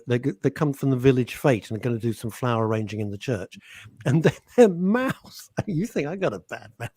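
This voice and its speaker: A British man hosts a radio chat show, bantering and teasing with a playful edge. His pitch swings a lot as he talks. The studio mic sounds close and dry. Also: husky, no echo. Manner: chatty, teasing, animated. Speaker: radio host. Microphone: studio microphone.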